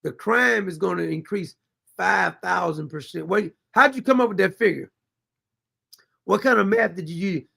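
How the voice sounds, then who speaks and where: A man's voice: high voice, moderate pace, gravelly, sharp tone, breathy edge. A man hosting a commentary show, reacting to clips with sarcastic, exasperated mockery and reading viewer comments aloud.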